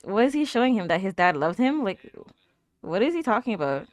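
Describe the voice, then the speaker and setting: In a dry recording, a woman hosts an anime reaction video at a brisk pace, her medium-pitched voice swinging widely in pitch. She talks casually back at the screen with plenty of fillers, laughing often and cooing at the cute moments.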